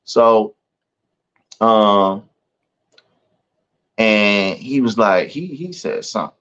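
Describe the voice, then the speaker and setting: A man co-hosting a podcast, telling a work story in casual chat, acting out other people's lines in a higher voice and often asking "you know what I'm saying". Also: drawn-out words, long pauses. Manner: animated, acts out quoted voices in a higher pitch. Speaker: podcast co-host. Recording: dull lo-fi sound.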